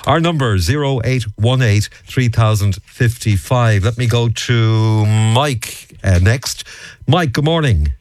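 An Irish man hosting a radio phone-in, brisk and quick to push back on callers. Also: medium pitch, animated, darkish tone, no room sound.

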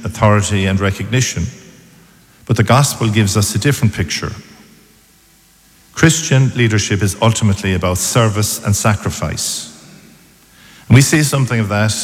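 Priest giving a calm, measured homily, lowish voice, long church reverb. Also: male voice. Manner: measured, calm homily delivery in short phrases. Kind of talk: sermon.

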